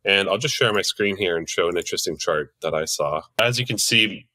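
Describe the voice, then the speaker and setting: A man's voice: deep voice, fairly quick, sharp tone, no room sound. A man who is a podcast guest, walking through market data in casual discussion, upbeat, with frequent ums. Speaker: podcast guest, macro and crypto analyst.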